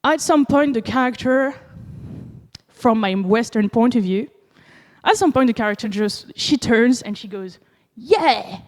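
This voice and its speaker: A French woman gives a conference talk in a slightly high voice, animated and full of fillers. She acts out other people's reactions as she goes. Her voice carries a long reverb from the hall. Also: measured pace. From France. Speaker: conference speaker.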